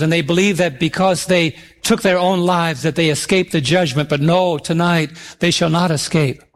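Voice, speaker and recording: Middle-aged preacher guy, high voice, stretches out the scripture lines, gets the crowd to answer back. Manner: emphatic, drawn-out scripture reading; calls for audience responses. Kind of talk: sermon.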